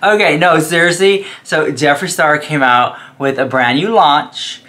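A man vlogging about makeup in a sassy, dramatic, gushing way, calling his viewers "girl". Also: a little slow. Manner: gushing, excitable, with sudden pitch jumps. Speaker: beauty vlogger. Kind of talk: casual commentary to camera.

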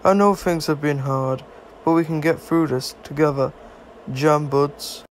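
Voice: medium pitch, unhurried, slight background noise. A performer voicing a caring teenage girl in a fan comic voiceover, tacking on a silly catchphrase and bits of British slang. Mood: reassuring.

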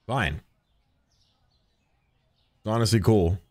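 A man's voice: lowish voice, slow, darkish tone, no echo, studio quality. A man streaming a game live, talking to the characters as a shopkeeper in a jokey, swearing way. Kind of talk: live gameplay commentary.

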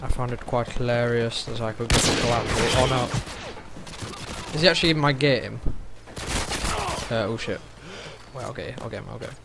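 A young man casually commentating his own gameplay, excitable and sweary, gasping and shouting at what happens on screen. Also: mid-range voice, moderate pace, vocal fry, long pauses, very noisy. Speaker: gaming commentator. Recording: loud gunfire behind the voice.

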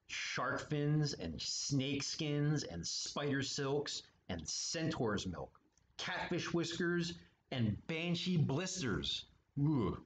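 A man reading a children's storybook aloud with playful, chatty asides. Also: a little high. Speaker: storytime reader at art studio. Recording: echoey room, muffled, faint hiss.

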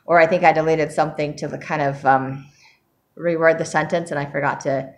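A woman talking casually in a personal vlog about her writing, reflective and emotional, with many fillers and soft laughs. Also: deep voice, fairly even intonation, a little fast. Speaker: vlogger sharing her writing journey.

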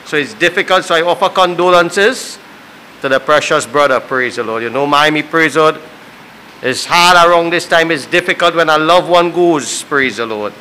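A man's voice: high voice, sharp tone, rough recording. A man giving a neighbor's tribute at a funeral, fervently scattering praise the Lord and amen through every phrase. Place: funeral service.

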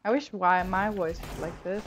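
A woman's voice: medium pitch, fairly even intonation, moderate pace. A young woman streaming a shooter game, chatting casually and swearing freely into a headset mic, shrieking when she misses a kill. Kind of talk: casual live gameplay commentary. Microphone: gaming headset.

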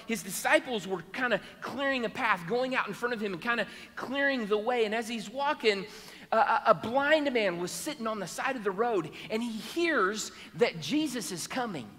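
A man's voice: sits high, fairly bright tone, long reverb tail. A man preaching a sermon, telling a Bible story and acting out its people's voices. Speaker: pastor. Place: church sanctuary.

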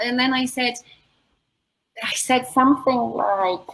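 A woman's voice: on the high side, unhurried, long pauses, rough recording. A woman, an animal communicator telling stories in conversation and acting out what clients say. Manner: expressive, acts out quoted clients. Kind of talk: conversational storytelling.

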